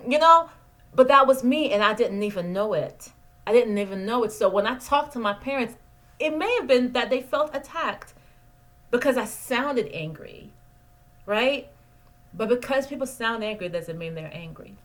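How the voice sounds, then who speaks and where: A woman's voice: on the high side, animated, normal speed, a bit bright, low-quality recording. A woman in her forties from Jamaica, a therapist, talking earnestly into the camera and repeating key phrases for emphasis. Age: 40s. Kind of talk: direct-to-camera advice talk. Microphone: camera mic, talking into the camera.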